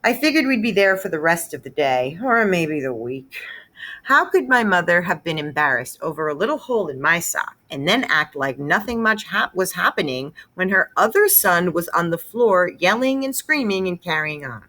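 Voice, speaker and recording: A woman reading a children's novel aloud, expressive and storytelling. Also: fairly low pitch, normal speed. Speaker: read-aloud narrator.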